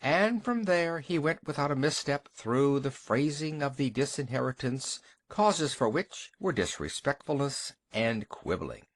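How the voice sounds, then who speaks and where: A man narrating a short story for an audiobook in an expressive storytelling manner. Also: mid-range voice, a little slow, hardly any pauses.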